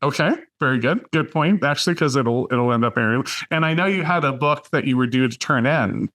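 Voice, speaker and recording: A man hosting a casual podcast chat, loose and chatty, laughing often and filling pauses with "um". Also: mid-range voice, a bit bright. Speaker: podcast host.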